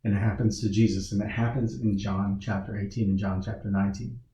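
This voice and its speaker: A man's voice: level tone, a little fast, warm tone. A youth pastor preaching, retelling a story dramatically and acting out the figures he quotes. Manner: storytelling, voices quoted figures with rising pitch. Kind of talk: sermon. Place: church or youth room. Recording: roomy hall from a distance, faint noise.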